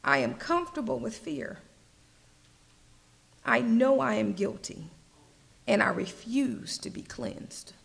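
Slow, earnest woman preaching with a gravelly voice. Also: on the high side, sing-song. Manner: slow, earnest preaching, dropping to soft whispers. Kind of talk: sermon.

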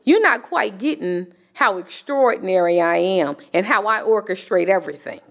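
A woman preacher voicing God as a patient, vast presence gently correcting a man, lower and softer than her own voice. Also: animated, normal speed, gravelly. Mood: reassuring.

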